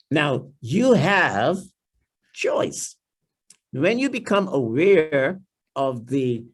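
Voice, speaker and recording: A man with a Trinidadian accent, a guest speaker at a church family series, explaining and often repeating words and restarting, and dropping into a lower, softer voice when he voices someone's inner thoughts. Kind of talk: seminar-style talk in church.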